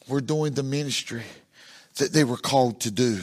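A male pastor preaching a sermon in a sing-song cadence, repeating words as he builds a point and dropping low and soft at the end of phrases. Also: normal speed.

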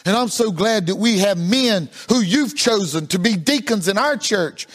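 A man as pastor with a high voice, sing-song sermon delivery that sinks soft at phrase ends. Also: lively intonation, normal speed, hardly any pauses. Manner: repeats words as he builds a point.

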